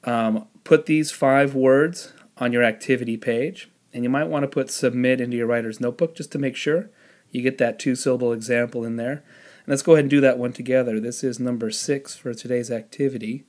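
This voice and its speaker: A man teaching a spelling lesson, explaining the rules patiently step by step and pausing on the odd "um". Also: medium pitch, fairly even intonation, darkish tone. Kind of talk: spelling lesson with classroom instructions.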